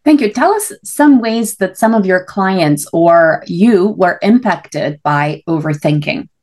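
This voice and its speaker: A woman's voice: lowish voice, lively intonation, slow pace, darkish tone. A woman hosting an interview, asking her questions with stumbles and rephrasings. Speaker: interview host.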